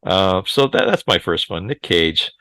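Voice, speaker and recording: A man's voice: low-pitched, huge pitch swings, measured pace, vocal fry, sharp tone, dry recording. A man hosting a casual movie podcast, often laughing and passing the turn to his co-hosts. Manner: laughs often, moderates turns. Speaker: podcast host.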